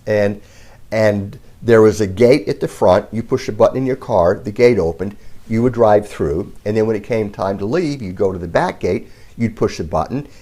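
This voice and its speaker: Earnest gravelly-voiced man telling stories. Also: mid-range voice. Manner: calm, earnest storytelling with lively ups and downs. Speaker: self-help speaker. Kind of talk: talking to camera, telling a story.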